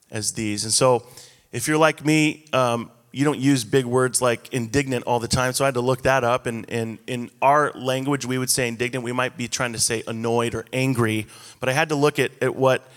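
Casual storytelling pastor in an echoey hall. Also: male voice, mid-range voice, a bit bright. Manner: casual storytelling, conversational and self-deprecating. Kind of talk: sermon.

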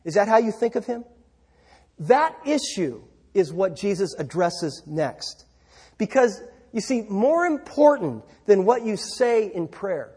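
A pastor preaching a sermon, telling a story in a loose, conversational way with fillers and repeated words. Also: male voice, high voice, a little mellow, slightly rough. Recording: reverberant church hall.

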